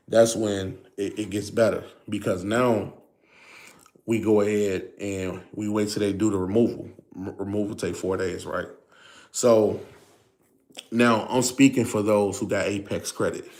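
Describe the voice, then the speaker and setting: A man's voice: on the low side, a little mellow. A man hosting a casual livestream, greeting viewers over and over and explaining things in a loose, filler-heavy way. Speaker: livestream host.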